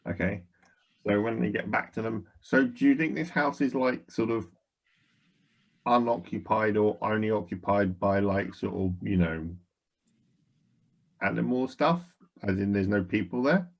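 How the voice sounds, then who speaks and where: A man's voice: lowish voice, measured pace, vocal fry, pauses often. A man playing a tabletop game, asking rambling questions full of fillers. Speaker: player. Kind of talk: casual tabletop game chat. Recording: dull lo-fi sound.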